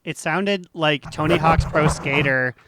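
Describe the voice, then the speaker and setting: A man co-hosting a casual gaming podcast, making deadpan absurd jokes. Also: a little high, measured pace, no room sound, clean studio sound. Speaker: podcast co-host. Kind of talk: casual chat.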